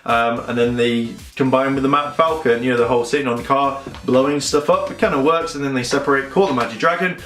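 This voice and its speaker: A man's voice: mid-range voice, steady tone, quick pace, few pauses, fairly bright tone. A man giving a casual, rambling and sarcastic episode review. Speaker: fan reviewer. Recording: roomy echo, faint music behind.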